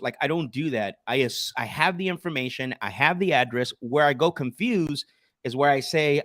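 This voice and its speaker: A man's voice: a little high, moderate pace, fairly bright tone, dry recording, clean studio sound. A man coaching sales on a live stream, making cold calls and explaining them in an assertive teaching tone, often restarting his sentences.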